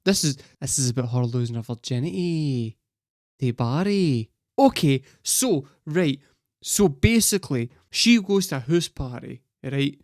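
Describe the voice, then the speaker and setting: A man's voice: mid-range voice, expressive, unhurried, darkish tone, no room sound, clean studio sound. A Scottish man hosting a music reaction, joking crudely and swearing as he comments. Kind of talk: casual commentary.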